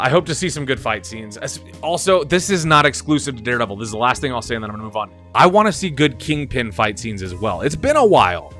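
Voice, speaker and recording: Young male streamer, casual chatty commentary, sharp bright tone, light music bed. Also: medium pitch. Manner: enthusiastic, rambling, laughs and swears often. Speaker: stream host.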